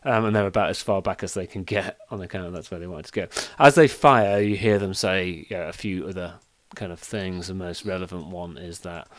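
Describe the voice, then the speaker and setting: A man running a tabletop game as game master, talking in a relaxed, chatty way full of fillers. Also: low voice, fairly quick, hardly any pauses, no room sound.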